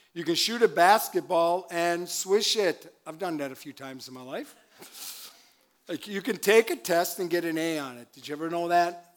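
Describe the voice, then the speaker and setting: An older man, a pastor, preaching a sermon in a church, chatty with laughing asides and calls for amen. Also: a little high. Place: church sanctuary.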